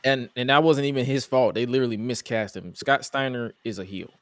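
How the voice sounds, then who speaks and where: A man hosting a casual wrestling review chat, animated and mocking, quoting his own exasperated reactions. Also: mid-range voice, brisk, no room sound. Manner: animated, mocking, quotes himself in exasperated asides. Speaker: podcast host.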